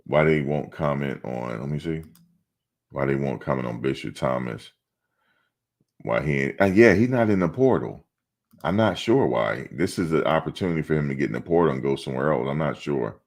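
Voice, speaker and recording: Very deep-voiced blunt middle-aged man. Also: expressive, moderate pace, darkish tone. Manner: talks back to chat, blunt and streetwise. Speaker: sports channel host. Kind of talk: casual live-stream chat.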